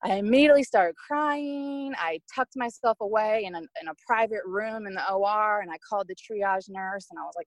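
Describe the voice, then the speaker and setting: Candid woman with a gravelly, dry voice. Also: mid-range voice, brisk, hardly any pauses, no echo. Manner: candid, emotional retelling with quoted speech. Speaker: podcast guest. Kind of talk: personal storytelling.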